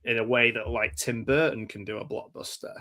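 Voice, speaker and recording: A man's voice: mid-range voice, fairly even intonation, fairly quick, sharp tone. An English man co-hosting a casual horror-movie podcast, rambling through his thoughts with self-deprecating jokes. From England. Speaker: podcast co-host.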